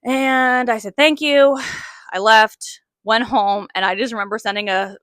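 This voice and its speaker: A woman's voice: mid-range voice, a little slow, fairly bright tone, no room sound, studio quality. A woman in her late twenties hosting a podcast, telling stories in a chatty, self-mocking way full of "like" fillers. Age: late 20s. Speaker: podcast host. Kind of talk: casual storytelling monologue.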